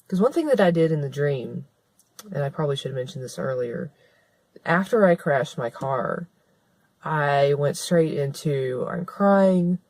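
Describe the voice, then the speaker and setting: A woman's voice: low voice, expressive, unhurried, darkish tone, no room sound. A woman talking straight to camera in a vlog monologue, earnest and conversational, who restarts her sentences and repeats her points for emphasis. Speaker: author and vlogger. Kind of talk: spoken-word vlog monologue.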